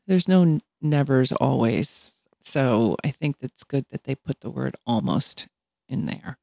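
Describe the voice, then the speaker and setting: Older lady in her 60s musing on life, gravelly mellow voice, dry close mic. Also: a bass voice, expressive, unhurried, no room sound. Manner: reflective, thoughtful. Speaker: podcast co-host. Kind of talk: casual chat.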